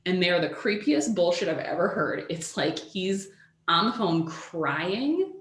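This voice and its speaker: A woman with a lowish voice tells a true-crime story to her co-host in a relaxed, chatty way. She is animated, swears casually and leans on "like" all the time. The recording has a roomy echo. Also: unhurried. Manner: animated, swears freely, says "like" a lot.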